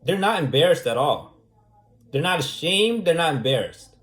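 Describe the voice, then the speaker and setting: A man's voice: a little high, very animated, normal speed, fairly bright tone. A man in a casual monologue who argues his point over and over and keeps asking "right?". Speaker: vlogger. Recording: echoey room.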